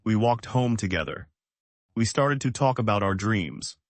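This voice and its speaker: Slow-speaking man teaching English. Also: lowish voice, animated, dry recording. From United States. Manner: slow, simple, evenly paced sentences. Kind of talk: slow scripted lesson.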